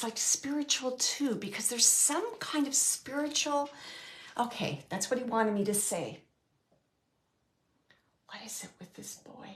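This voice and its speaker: A woman medium giving a live reading to an audience member, talking in a halting, searching way with soft whispered asides. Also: high voice.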